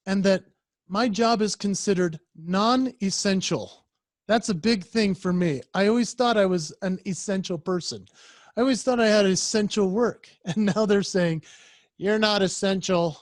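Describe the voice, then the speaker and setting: Brief: man, high voice, animated storytelling keynote speaker acting out voices, dry close sound on a video call. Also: no echo. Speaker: professional speaker.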